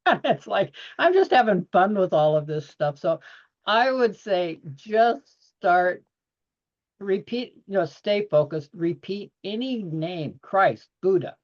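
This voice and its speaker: Man, panel guest, earnest, expansive, laughs often, dull lo-fi audio. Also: sits high. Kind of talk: casual panel discussion.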